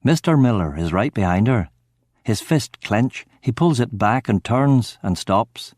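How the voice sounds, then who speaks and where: Give me a man narrating an audiobook in first person, low-pitched and measured, with a dry sound. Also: lively intonation, darkish tone, dry recording.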